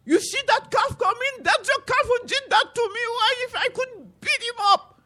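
A woman voicing Buki, a lazy, grumpy folktale man who blames a calf for his wounds, in a high, excited, accusing voice. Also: normal speed, exaggerated voice. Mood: aggrieved.

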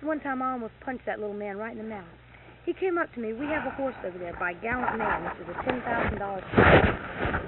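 A middle-aged woman, a horse owner, telling stories in casual chat, acting out quoted dialogue and getting heated as she retells. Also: fairly high pitch. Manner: animated, acts out quoted dialogue, gets heated retelling anger. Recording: tinny lo-fi tape with faint hiss.

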